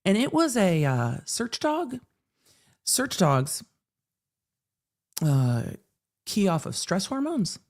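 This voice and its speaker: A woman hosts a live legal commentary stream, speaking slowly in a medium-pitched voice with long pauses. She rants animatedly, swears, and acts out courtroom exchanges.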